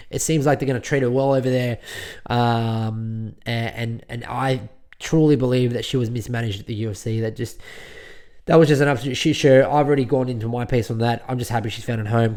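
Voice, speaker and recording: A man's voice: mid-range voice, darkish tone. A man hosting a solo sports podcast, rambling and repeating himself as he rants through his opinions. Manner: rambling, repeats words, ranting. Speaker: podcast host.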